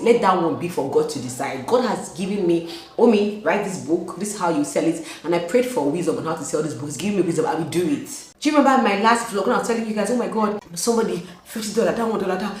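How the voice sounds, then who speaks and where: A woman's voice: on the low side, darkish tone. A young Nigerian woman vlogging with exuberant energy, repeating herself and laughing often. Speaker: author and vlogger. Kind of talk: excited casual vlog. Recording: echoey room with faint hum.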